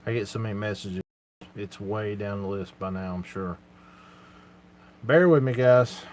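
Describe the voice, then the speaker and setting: A man's voice: lowish voice, a little slow, a little mellow, a little hiss or hum. A man hosting a casual live Q&A, talking in an earnest, plain-spoken way with lots of fillers. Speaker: channel host answering viewer questions.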